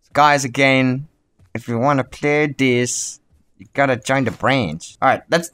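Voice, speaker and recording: A young South African man giving casual gameplay commentary, excitable and quick to swear and rant. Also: a little high. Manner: excitable, swears freely, rants heatedly. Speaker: gaming YouTuber.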